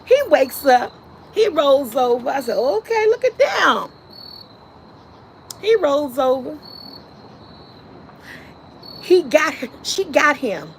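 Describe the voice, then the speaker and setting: A woman vlogger retelling a movie in a lively, casual way, laughing and shrieking in places. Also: sits high, takes it slowly, long pauses, a little hiss or hum, rough recording. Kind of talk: animated casual storytelling.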